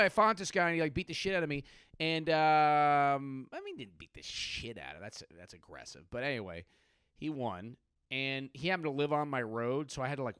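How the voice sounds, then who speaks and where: Animated, crude late-30s male comedian. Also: mid-range voice, clear, resonant tone, no room sound, studio quality. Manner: crude, rambling storytelling with sudden outbursts. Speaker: comedian podcast host. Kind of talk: comedic podcast monologue.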